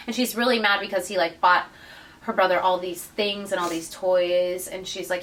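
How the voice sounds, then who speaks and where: A woman's voice: mid-range voice, normal speed, far from the mic, poor audio. A woman co-hosting a podcast, casually retelling a book's plot and acting out the characters' lines. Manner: animated storyteller, acts out characters' lines. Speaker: podcast co-host.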